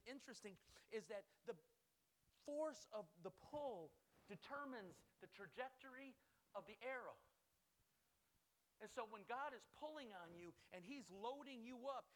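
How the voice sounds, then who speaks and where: A male pastor preaching a sermon, telling stories in an animated way, often restarting and repeating words. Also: high voice.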